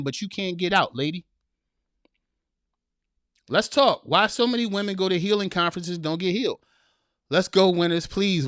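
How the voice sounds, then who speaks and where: Man host, middle-aged, preachy and slangy, slightly high voice, dry close sound. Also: fairly bright tone, no echo. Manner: preachy, laughs a lot, drawls with slang. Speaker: podcast host reading live chat. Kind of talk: casual live-stream commentary.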